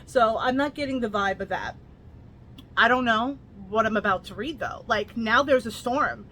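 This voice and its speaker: A woman with a bright, clear, fairly high voice chats casually about books. She is blunt and swears freely. She retells the plot with energy, dropping into quoted lines as she goes. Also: normal speed, slight background noise. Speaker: book reviewer. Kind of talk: casual book review vlog.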